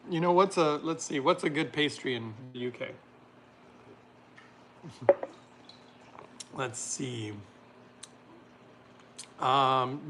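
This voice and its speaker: A man's voice: fairly high pitch, slow, pauses often, pushed and bright, slight background noise. A man hosting a casual livestream, reading viewer comments aloud and riffing with jokes and frequent laughter. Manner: laughs often, jokey riffs, trailing off. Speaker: livestream host reading chat.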